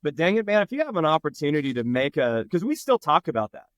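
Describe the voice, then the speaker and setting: A man from Nebraska tells a story with an animated, casual delivery and slips into quick voices for the people in it. His voice sits a little high. The podcast mic is close and dry, with no room sound. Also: no room sound. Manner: animated, acts out quoted voices. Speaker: firefighter guest.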